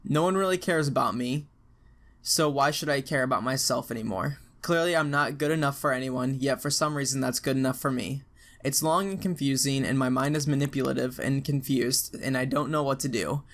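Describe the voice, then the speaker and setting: A man's voice: mid-range voice, a little fast, fairly bright tone. Young man reading out frank advice. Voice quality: frank and profane, with slangy asides. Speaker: narrator reading out an online post. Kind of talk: reading aloud an advice post, casual and emphatic.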